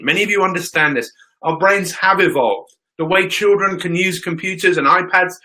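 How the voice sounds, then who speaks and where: An upbeat man runs a live motivational stream, welcoming viewers by name before getting to his talk. His voice is bright and forceful and sits a little high. He speaks into his phone. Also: poor audio. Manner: energetic, greets viewers by name. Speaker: motivational show host.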